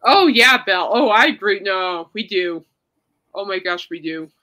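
Woman podcast host, tearful, halting delivery, mid-range pitch; leads casual chat and prayer. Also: expressive, pushed and bright, low-quality recording. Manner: emotional, halting, trying not to cry.

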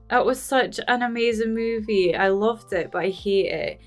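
A woman's voice: mid-range voice, moderate pace, soft background music. A Scottish woman chatting casually and emotionally as a movie reaction vlogger, rambling and laughing often.

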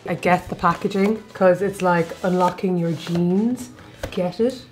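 A woman's voice: lowish voice, steady tone, measured pace, darkish tone, faint music behind. A young woman with an Irish accent, chatting casually on camera and filling her talk with little fillers. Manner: chatty, uses lots of fillers. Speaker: contributor taking a test.

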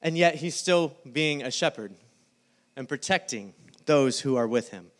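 Animated preacher man. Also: mid-range voice, unhurried. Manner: animated storytelling, acting out the scene in quoted voices. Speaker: pastor. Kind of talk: sermon.

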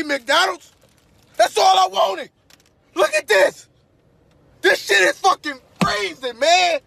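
A man playing a loud, hot-tempered older father in a comedy sketch, shouting and ranting in rhymes. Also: very high-pitched, creaky, breathy edge, heavily acted.

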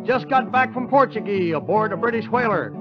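A man doing a rowdy old seafaring braggart, raised high and loud, bellowing tall tales in a swaggering sing-song. The sound is a dull, lo-fi 1930s radio transcription with a guitar plucking strongly behind. His voice sits well up in pitch. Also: animated, fairly quick. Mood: boisterous. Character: boastful brawling old male sailor, gruff.

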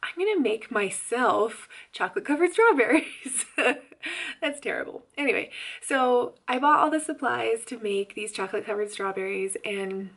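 A young woman telling a story to her vlog camera in a chatty, animated way, laughing often and saying "like" a lot. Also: fairly high pitch, normal speed. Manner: animated and loud. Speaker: pregnancy vlogger.

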